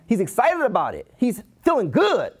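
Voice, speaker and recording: A man's voice: high-pitched, normal speed, husky. A man preaches with a Detroit accent, his voice swinging widely up and down as he drives home each point. He repeats key lines for emphasis and slips into playful voices when quoting people. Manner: animated, repeats key phrases, acts out quoted voices. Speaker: pastor. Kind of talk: sermon.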